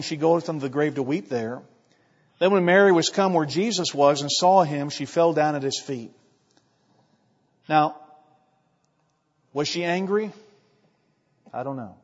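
Impassioned pastor in a reverberant hall. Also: male voice, a little high. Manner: impassioned, swings from loud to hushed, clears throat often. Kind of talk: sermon. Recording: muffled sound in a reverberant hall.

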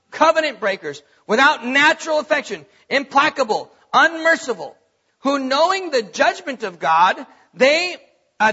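A man's voice: very high-pitched, sharp tone, breathy edge, lo-fi sound. A man preaching a sermon as pastor, reading scripture aloud with bursts of emphasis.

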